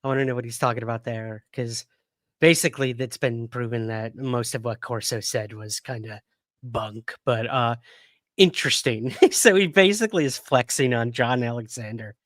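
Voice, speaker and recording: A man's voice: mid-range voice, moderate pace, fairly bright tone, no echo. Chatty male livestream host, dry sound. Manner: chatty, rambling, with frequent fillers and laughs. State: hiccuping. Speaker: podcast host. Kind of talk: casual livestream chat.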